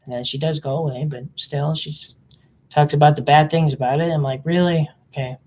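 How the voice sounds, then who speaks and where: Rambling vlogger with excited high bursts. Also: a little fast. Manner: rambling, jumps between topics, pitch jumps up when excited; mimics other people in silly voices. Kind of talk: casual rambling monologue.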